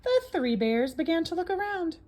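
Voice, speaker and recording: A woman reading a children's story aloud in an expressive, sing-song storybook manner. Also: extremely high pitch, normal speed, slight background noise.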